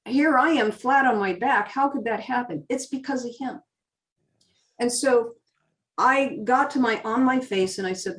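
Woman giving earnest, fervent testimony. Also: far from the mic. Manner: earnest, rising fervently then dropping low. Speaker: interview guest. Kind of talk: emotional testimony.

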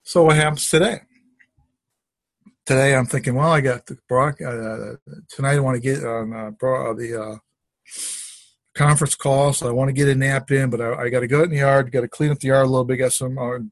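A man's voice: mid-range voice, fairly even intonation, brisk, dry recording. Middle-aged guy rambling through a faith story on a call, lots of restarts, dry close sound. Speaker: testimony sharer. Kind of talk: casual spoken testimony. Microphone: conference call.

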